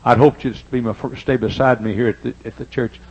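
Husky older preacher. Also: male voice, mid-range voice, steady tone, fairly quick, highs cut off. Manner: preaching with stories, swings from loud emphasis to hushed. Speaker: pastor. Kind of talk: sermon. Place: church sanctuary.

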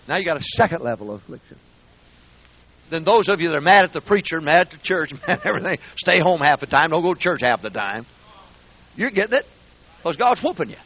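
Guest preacher, man, sermon style; high, animated pitch, husky edge, folksy humor that builds to shouting. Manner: folksy, joking, swings to shouting. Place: church sanctuary.

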